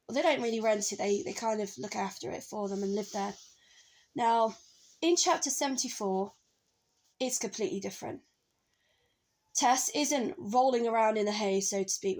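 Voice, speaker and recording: A woman's voice: mid-range voice, a little mellow, poor audio. A woman talking casually about a novel she is reading, drifting into stories from her own life. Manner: chatty, wandering into personal stories. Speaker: book vlogger. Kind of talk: casual book review chat.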